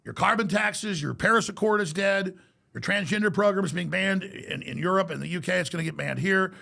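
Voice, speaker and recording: A man's voice: high-pitched, fairly quick, pushed and bright. A man speaking as a podcast guest, ranting in a defiant, combative way. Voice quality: gravelly. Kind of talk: heated interview talk.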